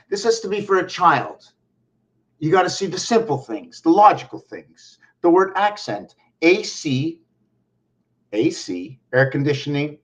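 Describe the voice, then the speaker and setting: A man vlogging from home, talking in a meandering monologue full of pauses and restarts. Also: a little high. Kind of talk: rambling monologue to camera. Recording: dull lo-fi recording.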